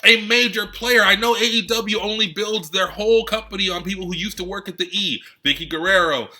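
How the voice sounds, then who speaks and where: A man's voice: high-pitched, fairly quick, bright, forceful tone. A man hosting a wrestling rant segment, sarcastic and frustrated, firing off rhetorical questions at the viewers. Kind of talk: heated rant to camera.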